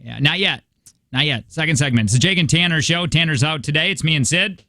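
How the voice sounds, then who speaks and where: A male morning radio host in his thirties, telling long rambling stories in easy chat. His voice sits a touch high. The studio sound is close and dry. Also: brisk, bright, forceful tone, no room sound. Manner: rambling storyteller, chatty. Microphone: studio microphone.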